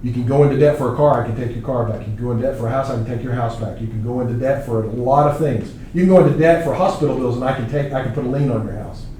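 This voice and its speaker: Talking rapid-fire with few pauses, this Arkansas man in his forties teaches a college class, keeping it conversational and quizzing his students. His mid-range voice is mellow, and the distant, echoey classroom recording has slight background noise.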